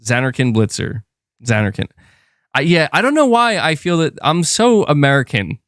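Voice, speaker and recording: A man's voice: a little high, very animated, moderate pace, a bit bright, clean tone, no room sound, clean studio sound. Chatty streamer man reading chat. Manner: rambling, hesitant, lots of fillers and restarts. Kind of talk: casual livestream chat.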